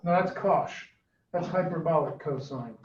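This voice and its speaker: A man's voice: a little high, unhurried, crowd noise. A man teaching a math class, quizzing his students with questions as he explains. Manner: questioning, coaxing students for answers. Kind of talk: classroom lesson. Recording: echoey, distant, dull classroom recording.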